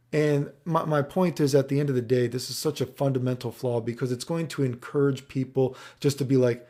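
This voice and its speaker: A man's voice: medium pitch, steady tone, fast, hardly any pauses, mellow. A man giving a casual, rambling and frustrated rant about a fighting game, swearing freely.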